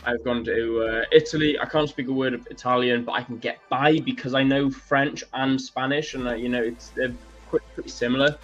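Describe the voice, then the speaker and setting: Animated, laughing man telling stories. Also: medium pitch, a little fast, muffled recording. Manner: animated storyteller, laughs often. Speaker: co-host. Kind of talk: casual chat. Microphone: video call or stream setup.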